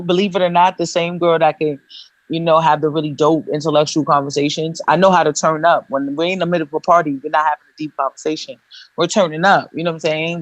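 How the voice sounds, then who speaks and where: A woman's voice: low voice, dry recording. A woman, a singer and songwriter chatting animatedly in slangy street talk on a radio show. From Brooklyn, New York. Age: 30s. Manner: animated, slangy, lots of "you know what I'm saying". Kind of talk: casual radio interview chat.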